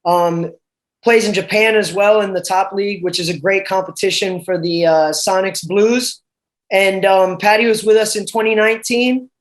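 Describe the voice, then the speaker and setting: A young male host talks through things in loose, relaxed runs and restarts as he goes. His voice sits high for a man. The delivery is conversational and unscripted. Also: normal speed. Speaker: podcast host, rugby player. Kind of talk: casual chat.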